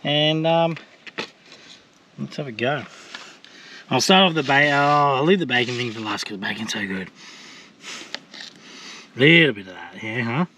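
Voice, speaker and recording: A man's voice: mid-range voice, unhurried, pauses often, sharp tone, slight background noise. An Australian man chatting casually as he cooks for his vlog, loose and joking, with plenty of fillers. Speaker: vlogger cooking on camera. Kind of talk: casual cooking vlog chat.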